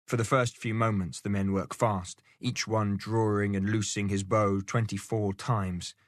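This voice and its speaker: Low-voiced man narrating a novel. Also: dry recording, clean studio sound. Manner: steady, measured storytelling. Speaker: audiobook narrator. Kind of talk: scripted narration.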